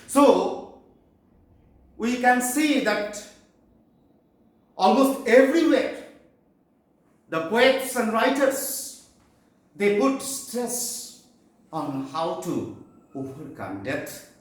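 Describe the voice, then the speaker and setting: A man teaching a poetry class in a slow, explanatory lecture with pauses and fillers, from Bengal. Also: high voice, sing-song, very echoey, poor audio.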